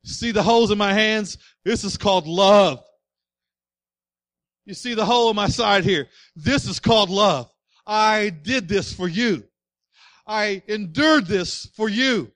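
A man's voice: sits high, dry recording. A man preaching in the voice of a tender, pleading risen teacher who shows his wounds, speaking with rising intensity.

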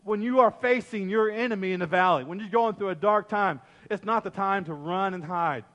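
A pastor preaching a sermon, telling the story in an emphatic, dramatic way with lots of repetition. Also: male voice, high-pitched, fairly quick, a bit bright. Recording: echoey hall.

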